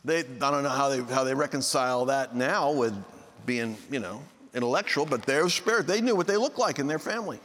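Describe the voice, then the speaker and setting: A man preaching through a personal story in a casual, animated way, acting out the dialogue with sudden high outbursts. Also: brisk, in a large hall. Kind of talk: anecdotal sermon storytelling.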